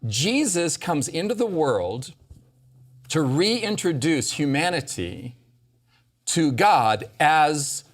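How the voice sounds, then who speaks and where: Male host, lively pitch, emphatic scripture teacher at a discussion table. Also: slow. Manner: emphatic, quotes scripture with dramatic stress. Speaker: host leading a Bible study discussion. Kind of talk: animated teaching in a round-table talk.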